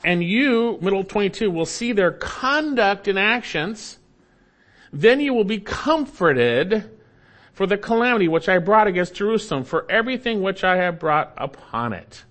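A man preaching an expository sermon, emphatic and swinging between loud, lifted lines and low, quiet asides. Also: lively intonation, normal speed. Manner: emphatic, rising and falling with emphasis. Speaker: pastor.

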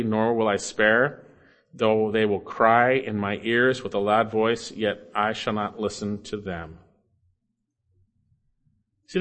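Male pastor, expository sermon, earnest delivery with loud peaks and quiet drops. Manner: earnest preaching, rising loud on scripture quotes then dropping low.

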